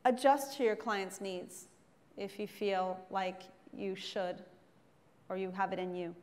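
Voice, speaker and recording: A woman's voice: medium pitch, steady tone, slow, a little mellow. Middle-aged lady chef lecturing students, frank and jokey, big echoey hall. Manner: joking, frank, self-mocking asides. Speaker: chef giving a guest lecture. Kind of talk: candid motivational talk to students. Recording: long hall reverb.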